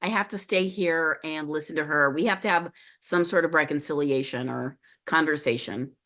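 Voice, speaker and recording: A middle-aged woman telling a personal story as a podcast guest, in an animated way that acts out the voices of people she quotes. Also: deep voice, normal speed.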